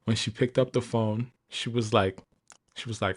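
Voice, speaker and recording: A man's voice: lowish voice, steady tone, moderate pace. A man in his thirties co-hosting a podcast, trading jokes in casual chat and breaking into laughing fits. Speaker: podcast co-host. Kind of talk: casual joke-telling chat.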